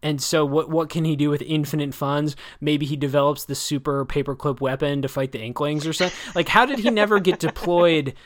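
Guy rambling about a book on a podcast, kinda high voice, restarts a lot. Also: fairly quick, few pauses. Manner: rambling, self-correcting, wry. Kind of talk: casual book discussion.

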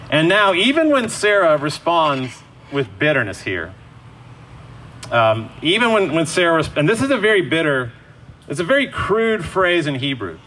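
A man's voice: on the high side, very animated, measured pace, a bit bright, slight background noise, rough recording. A man preaching a sermon in a casual, conversational way, acting out the quoted lines as he goes.

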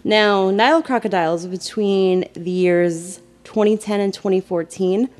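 A woman's voice: mid-range voice, unhurried, darkish tone. A woman co-hosting a casual podcast chat, reading out her research findings and swearing freely. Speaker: podcast co-host.

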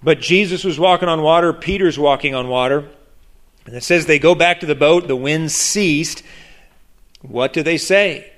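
A man preaching a sermon in a slightly high voice. He is animated and acts out the people in his story, and he often stops and restarts a sentence before going on. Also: moderate pace. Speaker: pastor.

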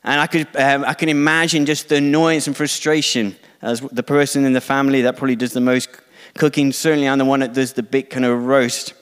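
A man's voice: mid-range voice, level tone, fairly quick, smooth. Middle-aged man preaching in an echoing hall. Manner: conversational, self-deprecating, acts out quoted dialogue. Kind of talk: sermon.

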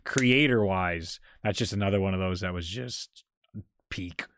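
A man co-hosting a podcast, telling a long story in a rambling, animated way. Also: sits low, unhurried, no room sound, clean studio sound. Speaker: podcast co-host. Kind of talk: casual chat, storytelling.

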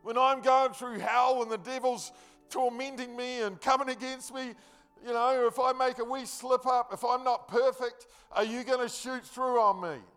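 A man's voice: very high-pitched, steady tone, normal speed, fairly bright tone, clear, resonant tone, soft background music. A man preaching a sermon, telling the story earnestly and emphatically in a loose, conversational way with casual slang.

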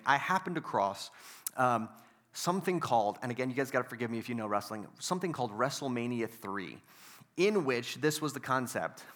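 Bright high-voiced male preacher. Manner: storytelling, builds to loud emphatic preaching. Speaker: pastor. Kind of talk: sermon.

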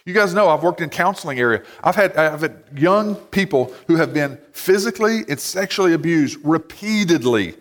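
A man's voice: fairly high pitch, expressive, moderate pace, few pauses, a bit bright. A man preaching a sermon in a casual, conversational way, full of "like" and "you know.". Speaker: pastor. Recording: long hall reverb.

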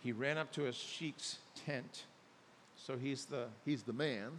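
A man preaching a sermon in a big hall, his voice trailing off in a long reverb. He tells stories and builds to loud, emphatic high points. A faint hiss sits under the recording. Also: unhurried. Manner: storytelling, rising to loud emphatic peaks. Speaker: pastor.

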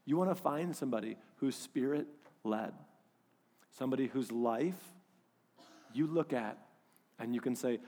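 A man preaching a sermon as pastor, animated, swinging between loud emphasis and hushed moments. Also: mid-range voice, unhurried, pauses often, in a large hall.

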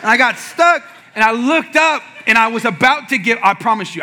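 High, bright-voiced pastor telling stories. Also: male voice, quick pace, hardly any pauses. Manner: animated, acts out quotes with sudden shouts. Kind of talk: humorous sermon storytelling.

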